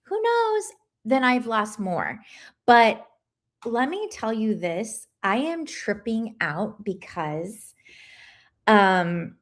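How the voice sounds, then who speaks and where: A middle-aged woman talks casually on her livestream. She rambles easily and breaks off to greet viewers by name. Her voice sits at an ordinary, mid-range pitch. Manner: chatty, rambling, pauses to greet and answer viewers. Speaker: livestream host.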